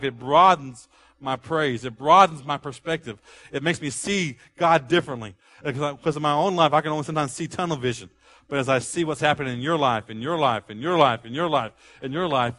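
A man with a slightly high-pitched voice preaches a sermon in a lively, rhythmic way. He leans on repeated phrases and raises his voice to act out quoted speech. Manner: animated preaching, acts out quotes with rising volume. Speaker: pastor.

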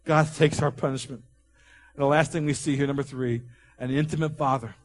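A man preaching a sermon, telling a story and dropping his voice low for quoted dialogue. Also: fairly even intonation, a little fast. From Oklahoma. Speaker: pastor.

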